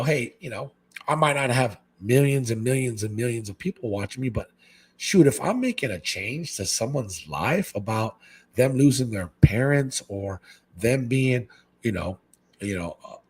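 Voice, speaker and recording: A man from Hawaii, a guest on a casual podcast chat, talking excitably and saying "man" constantly. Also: breathy edge. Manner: excitable, says "man" constantly, jumps into high animated quoted voices. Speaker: guest, fish-keeping content creator.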